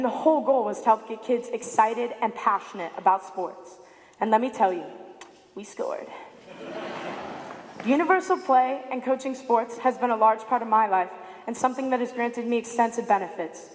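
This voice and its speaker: A woman's voice: on the high side, big-room sound. A young woman giving a prepared speech at a student symposium, telling a story and acting out the quotes in it. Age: young adult. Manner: storytelling with lively acted-out quotes. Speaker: student speaker.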